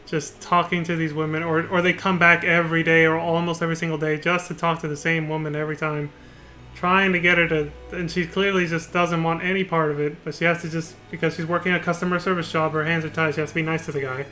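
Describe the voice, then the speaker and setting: A man's voice: a little high, little pitch movement, fast talker, sharp tone, soft background music. A man streaming a video game live, chatting casually and cursing often. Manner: casual, profane, laughs often.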